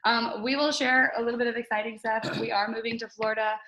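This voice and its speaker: A woman's voice: fairly high pitch, steady tone, quick pace, bright, forceful tone, slight background noise. Chatty woman on an echoey video call. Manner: chatty and candid, laughing often. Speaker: team coach host. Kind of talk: casual team video call chat.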